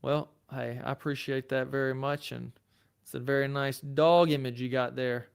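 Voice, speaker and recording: A man's voice: medium pitch, normal speed, creaky, clean tone. A middle-aged man with a Southern accent, a lawyer hosting a casual livestream and chatting easily through viewer comments. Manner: relaxed, chatty, self-deprecating. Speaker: lawyer and channel host.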